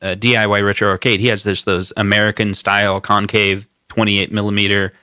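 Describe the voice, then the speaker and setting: A man co-hosting a podcast, chatting casually with a halting, enthusiastic manner. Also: on the low side, little pitch movement, sharp tone, smooth, no room sound, studio quality. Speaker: podcast co-host. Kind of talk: casual chat.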